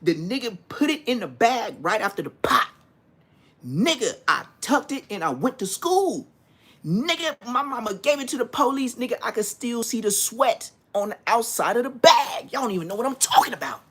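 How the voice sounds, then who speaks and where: A man in his forties telling street stories in a casual, animated way, full of profane slang. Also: extremely high pitch, normal speed, slightly rough. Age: 40s. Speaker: vlogger. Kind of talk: casual storytelling.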